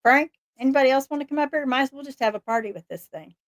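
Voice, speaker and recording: A woman hosting a casual live stream, talking in an excitable, rambling way and laughing often. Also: sits high, very fast, dry recording, clean studio sound. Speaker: livestream host.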